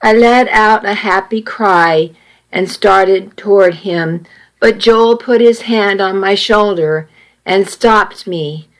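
A woman tells a first-person story in an audiobook, in a measured, earnest way. She reads slowly, her pitch sitting in the middle range. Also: low-quality recording. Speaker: narrator.

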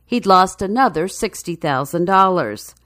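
Female narrator for a news feature: low voice, dry close sound, measured and even. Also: no echo.

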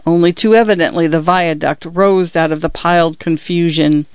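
A man reading a story aloud as an audiobook narrator, in a measured, expressive storytelling manner. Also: a little high, clean tone, no room sound, highs cut off.

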